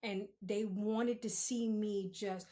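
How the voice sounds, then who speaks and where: A woman's voice: medium pitch, steady tone, takes it slowly, dark tone. A young woman from Queens, hosting a spiritual podcast in a chatty, blunt monologue, laughing often and swearing freely. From Queens, New York. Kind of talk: casual solo podcast monologue.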